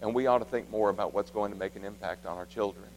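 A man in his thirties preaching a sermon in a church, swinging from loud, emphatic exhortation to soft, hushed storytelling. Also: fairly low pitch, quick pace, slight background noise. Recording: long reverb of a large hall.

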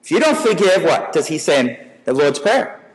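A man's voice: a little high, sing-song, moderate pace, long reverb tail, low-quality recording. A man preaching a sermon in a conversational way, telling stories and asking rhetorical questions.

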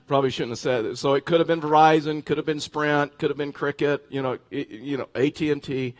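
Animated pastor preaching a sermon. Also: male voice, fairly high pitch, brisk. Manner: animated storytelling with bursts of laughter; repeats words and restarts phrases.

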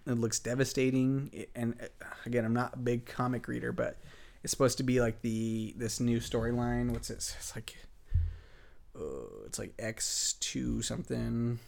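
Rambling man with a gravelly voice. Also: medium pitch, darkish tone. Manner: rambling, enthusiastic, many fillers and restarts. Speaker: podcast host. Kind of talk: casual podcast chat.

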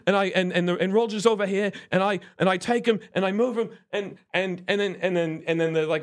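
Chatty high-voiced man rambling. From United States. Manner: rambling, animated, does quick voice impressions. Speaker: podcast co-host. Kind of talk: casual chat.

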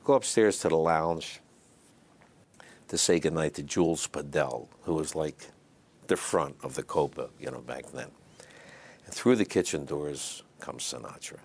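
An older man telling stories in a relaxed, chatty way as an interview guest, with lots of fillers and asides. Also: a bass voice, measured pace. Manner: raspy, chatty anecdotes full of fillers. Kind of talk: storytelling in a casual interview.

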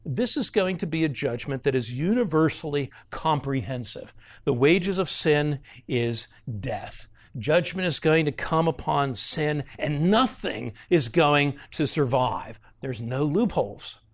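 A man's voice: fairly high pitch, animated, unhurried. Earnest male Bible teacher explaining scripture. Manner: earnest, explanatory, with frequent "uh" fillers and rising emphasis on key words.

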